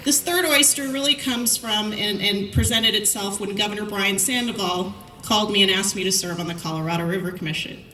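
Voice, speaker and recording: A middle-aged woman giving a commencement speech, telling lively anecdotes and acting out the lines of people in her stories. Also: mid-range voice, fairly quick, few pauses, slight background noise. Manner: storytelling, lively anecdotes with quoted dialogue. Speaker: commencement speaker. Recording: echoey hall, voice from far off.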